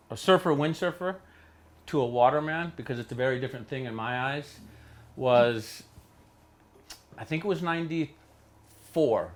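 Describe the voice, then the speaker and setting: A middle-aged man from Hawaii, telling stories in a studio interview with animated delivery, jumping into voices for quoted people. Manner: animated, acts out quotes with big pitch jumps. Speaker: interview guest. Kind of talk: storytelling in a casual interview.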